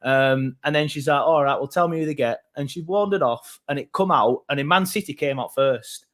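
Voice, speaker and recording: A man's voice: on the high side, brisk, fairly bright tone. A man co-hosting a football podcast, telling rambling, self-mocking stories. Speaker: podcast co-host. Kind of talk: casual football chat.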